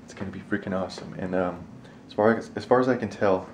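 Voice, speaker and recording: A man's voice: fast talker, a little hiss or hum. A man talking casually and rambling in a vlog at home, joking as he goes. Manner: rambling and jokey, slipping into a high baby-talk voice for his dog. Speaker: vlogger.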